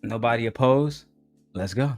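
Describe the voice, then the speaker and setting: A man's voice: mid-range voice, no room sound, faint music behind. Man hosting a live reaction stream. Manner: wry, deliberate, addresses the viewers. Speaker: livestream host reacting to a clip.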